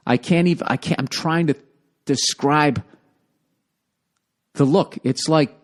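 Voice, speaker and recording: A man's voice: a little high, slow. A man in his forties with a Boston accent, telling a rambling, profane, exasperated story.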